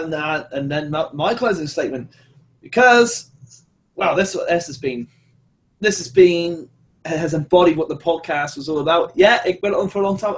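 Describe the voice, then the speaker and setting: A man with a notably high voice hosts a casual podcast. He chats loosely, tripping over repeated words and laughing between remarks. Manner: stammering restarts, laughs often. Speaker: podcast host. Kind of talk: casual chat.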